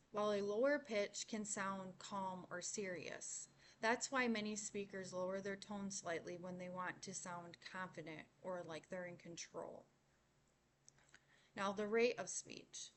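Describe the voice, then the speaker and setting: A young woman giving a class presentation, explaining points in a measured way and slowing on key words. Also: medium pitch. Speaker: student presenter.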